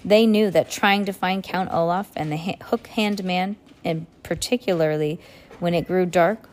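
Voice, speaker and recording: A woman reading a novel aloud chapter by chapter, breaking off now and then for casual asides. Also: on the low side. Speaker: reader.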